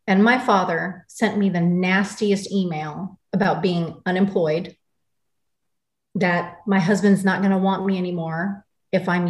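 A woman from the United States, in her forties, speaks in a lowish, slightly mellow voice. As an interview guest she tells her story with blunt, intense anger, in a recording with a roomy echo.

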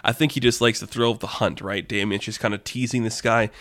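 A man hosting a podcast, telling a story in a casual, animated, rambling way with lots of fillers. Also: lowish voice, brisk, no echo, studio quality. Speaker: podcast host.

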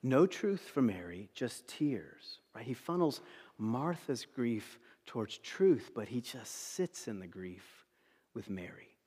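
A man preaching a sermon. He talks in an animated way, swinging between loud emphasis and hushed tones. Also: mid-range voice, slow pace, slightly rough, big-room sound. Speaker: pastor.

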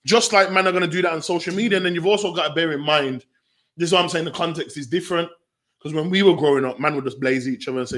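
Brief: man, slangy storyteller, higher-pitched, acts out quotes while talking. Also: rapid-fire, fairly bright tone. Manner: slangy, acts out quoted voices, bursts into laughter. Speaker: youth violence researcher and guest. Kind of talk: animated storytelling conversation.

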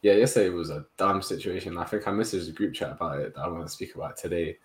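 A young man, telling a story in a casual podcast chat among friends, full of slang and lively retelling. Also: low-pitched, quick pace, slight background noise. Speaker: podcast co-host.

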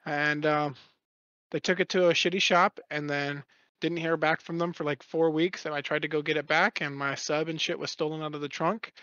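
A young man with a slightly high voice tells a long story in loose, rambling casual chat, swearing freely as he goes. The sound is dry and a little dull, like a lo-fi recording. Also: fairly even intonation, normal speed, sharp tone, clear, resonant tone, dry recording.

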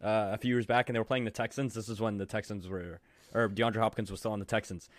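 A young man co-hosting a podcast, telling stories in an excitable, rambling way. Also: on the low side, no room sound. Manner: excitable, fast rambling storyteller. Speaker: podcast co-host. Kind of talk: casual chat.

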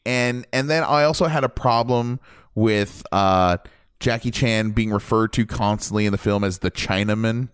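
A man on a casual podcast, giving an animated, opinionated spoiler review of a movie. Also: mid-range voice, normal speed, clean tone, dry recording, clean studio sound. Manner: animated, opinionated, jumps between points. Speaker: podcast host reviewing a film.

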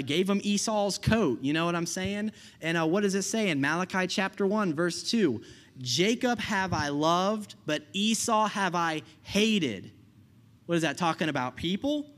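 Casual higher-voiced young male preacher. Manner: casual, conversational preaching with frequent "right?" and laughs. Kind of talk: sermon.

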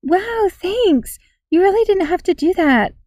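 A woman doing a high, startled teenage girl. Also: lively intonation, a little slow, a little mellow, no room sound, studio quality. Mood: surprised.

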